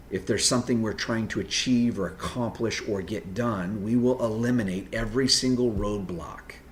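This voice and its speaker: Low-voiced male host, unscripted and direct, earnest advice with halting restarts; slight background noise. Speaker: video host giving personality-type advice.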